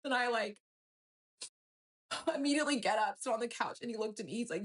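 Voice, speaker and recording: A woman's voice: fairly high pitch, fairly quick. A young woman from Nigeria earnestly recounting a personal story, full of quoted dialogue.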